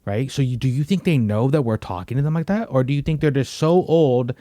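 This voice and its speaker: In a clean studio recording with no echo, a young man hosts a podcast and chats in a loose, rambling, slang-heavy way, full of "bro" and "you know what I mean." He speaks fairly quickly in a mid-range voice with a dark tone.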